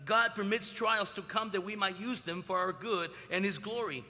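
A man in his sixties preaches with a bright, forceful voice pitched a little high. He swings between loud bursts and hushed lines. The sound rings with the long reverb of a big hall. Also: moderate pace. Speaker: pastor. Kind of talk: sermon.

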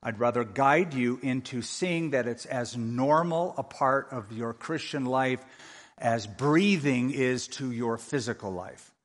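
A man preaching a sermon as pastor, lively and humorous, acting out other people's prayers to make his points. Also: medium pitch, measured pace. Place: church sanctuary. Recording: long reverb of a large hall.

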